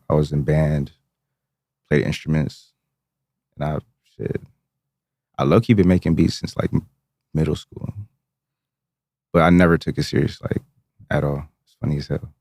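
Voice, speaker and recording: A man's voice: rumbling low, fairly even intonation, normal speed, pauses often, a little mellow, no room sound. A young man from Virginia, a music producer guest, talking in a laid-back, slangy way and laughing often. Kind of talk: casual interview chat.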